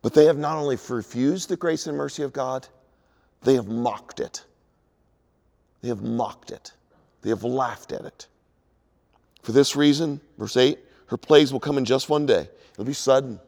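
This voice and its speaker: A man's voice: mid-range voice, normal speed, gravelly, a little mellow, big-room sound. A man preaching a sermon, reading scripture aloud with emphatic delivery. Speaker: pastor.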